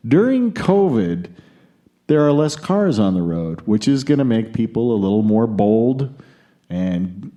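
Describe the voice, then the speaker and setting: An American man hosts a casual podcast and chats through the news. His voice is very dark and mellow and sits fairly low. He drifts into jokey, opinionated asides. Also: sing-song, a little slow. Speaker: podcast host.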